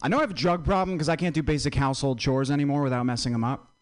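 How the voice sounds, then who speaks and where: A man's voice: mid-range voice, very fast. A man doing stand-up one-liners with a bouncy delivery. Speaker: stand-up comedian.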